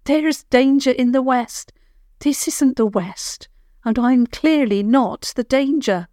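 A curt, brusque old herb-woman from a children's storybook, put on by a woman reader. Her voice sits higher than the narration and her words come short and sharp. The sound is close and dry. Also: takes it slowly, dry recording.

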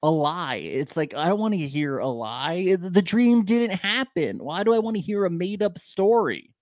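A man's voice: high voice, lively intonation, normal speed, a little mellow, dry recording, studio quality. A man co-hosting a casual recap chat, joking, acting out quotes and tripping over his words. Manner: joking, acts out quotes, stammers and restarts. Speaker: podcast co-host.

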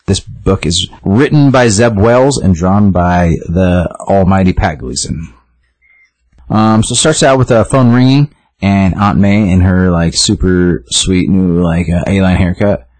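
A man's voice: low voice, a little slow, darkish tone, no echo. A young man co-hosting a podcast, casually retelling a comic book story in a rambling way full of fillers and restarts. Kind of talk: casual chat, retelling a comic with quick voiced lines.

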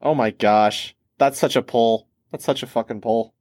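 A young man chats on a podcast and drifts through a long story, stumbling over fillers and restarting his sentences. His pitch sits right in the middle for a man. The sound is dry and close, with no room around it. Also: fairly even intonation, moderate pace, a little mellow, dry recording. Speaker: podcast co-host. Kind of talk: casual chat.

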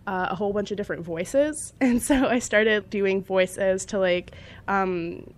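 A woman's voice: medium pitch, measured pace. A young woman chatting casually about her creative background and telling stories with lots of energy. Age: young adult. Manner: chatty, animated storytelling with frequent laughs. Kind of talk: casual chat.

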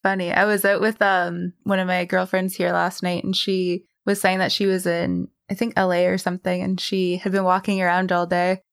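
A woman's voice: fairly low pitch, little pitch movement, normal speed, hardly any pauses, clear, resonant tone, no echo, clean studio sound. A woman hosting a podcast, chatting casually and telling bubbly, giggly stories. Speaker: podcast host. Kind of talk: casual chat. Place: Australia.

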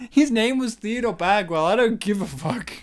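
A man's voice: high voice, a little slow, slight background noise. A man co-hosting a casual film podcast, talking animatedly and laughing often. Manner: animated, laughing, puts on silly voices. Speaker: podcast co-host.

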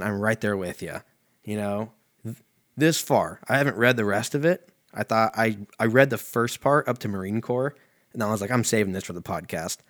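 A man's voice: lowish voice, no room sound, studio quality. A man hosting a podcast in casual chat, profane and rambling as he reads a comment aloud, a little tipsy from whiskey. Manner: profane, rambling, self-mocking. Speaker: podcast host.

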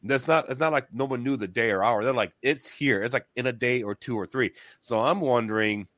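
A man hosting a casual religious discussion, talking in an excited, emphatic, rambling way with many restarts. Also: mid-range voice, a little fast, no room sound.

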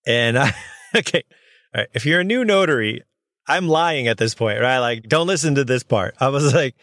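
A man in his thirties telling a work story as a notary, casual and animated, acting out the voices with lots of fillers and laughs. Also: mid-range voice, moderate pace, dry recording, studio quality.

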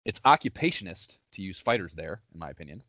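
Low-ish guy voice, super animated, swears a ton, laughs a lot, dead dry sound. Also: fast, dry recording. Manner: animated, profane, laughs often. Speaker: podcast co-host. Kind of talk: casual gaming chat.

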